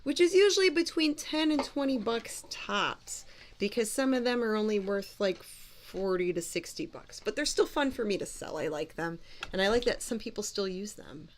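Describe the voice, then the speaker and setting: A woman's voice: medium pitch, animated, moderate pace, slight background noise. A woman with a Cleveland accent and a nasal voice, co-hosting a casual livestream chat and reading viewer comments aloud. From Cleveland, Ohio. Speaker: podcast co-host.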